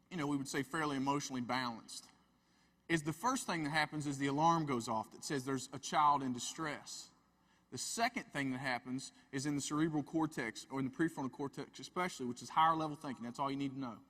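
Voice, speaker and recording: A man's voice: on the high side, pushed and bright. A man, a family therapist giving a humorous live talk, folksy and chatty with asides. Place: large hall with a live audience. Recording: reverberant hall.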